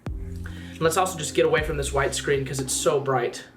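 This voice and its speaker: A man reacting casually to a music video, chatty and gushing with lots of fillers, sometimes jumping higher when excited. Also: normal speed. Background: music playing faintly.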